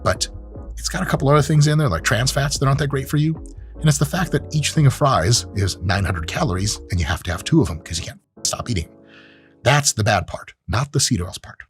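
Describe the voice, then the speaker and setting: A man's voice: medium pitch, fairly quick, soft background music. A man who is a sport science professor, commenting brashly and with profanity in a video review.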